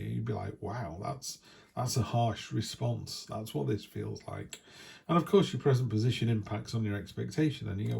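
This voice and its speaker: A man talks through a weekly tarot reading in a chatty, reassuring manner. His voice is low, gravelly and husky. It has a dark, mellow tone. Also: fairly even intonation, brisk. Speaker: tarot reader.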